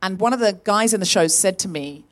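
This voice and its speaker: Woman telling a comedy story live, acts out everybody's lines, mid pitch. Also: a little fast. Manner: animated storyteller, acts out quoted voices. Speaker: podcast co-host. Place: live venue stage.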